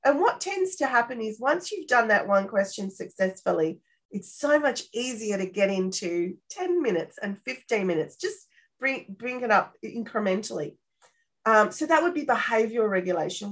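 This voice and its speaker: Animated woman, slightly high voice. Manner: animated, acts out parent-child dialogue; frequent tag questions. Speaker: parenting expert guest. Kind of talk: casual interview explanation.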